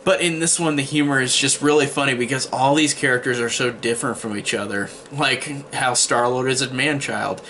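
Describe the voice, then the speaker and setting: A man talks through a movie review in a loose, rambling way, often restarting his sentences and leaning on fillers. His voice has a bright, forward edge, with a faint hiss of noise underneath. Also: mid-range voice, steady tone, fairly quick, hardly any pauses. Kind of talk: casual spoken movie review.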